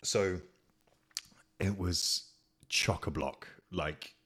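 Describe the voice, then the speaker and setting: A man's voice: deep voice, extremely slow, bright, forceful tone, slightly rough. A young man hosting a casual solo podcast, chatty and rambling, swearing freely. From Kent, England. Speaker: podcast host. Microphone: podcast microphone.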